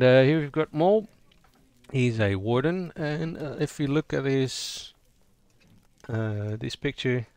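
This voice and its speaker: A man's voice: medium pitch, a little mellow, no echo. A man giving a casual spoken tutorial on voicing roleplaying characters, thinking aloud and improvising as he goes. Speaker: roleplaying game player explaining character voices.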